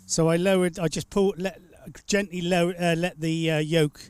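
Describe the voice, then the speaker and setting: A man's voice: on the high side, steady tone, moderate pace, smooth. A man hosting a live stream, chatting casually and telling rambling, teasing stories. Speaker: stream host. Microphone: studio mic.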